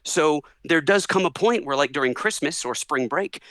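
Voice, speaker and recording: A man chats as a guest on a podcast, spinning a long story with lively energy. His voice sits a bit high, and he jumps into the voices of the people he quotes. The recording is close and dry, with almost no room sound. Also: moderate pace, dry recording, poor audio. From Orlando, Florida area. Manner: animated, acts out voices in quotes. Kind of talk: storytelling in a casual interview.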